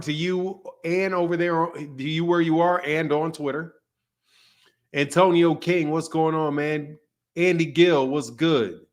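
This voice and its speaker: A man hosting a casual livestream, loosely greeting viewers by name in a chatty way. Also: fairly high pitch. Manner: loose and chatty, reads viewer names aloud. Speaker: livestream host.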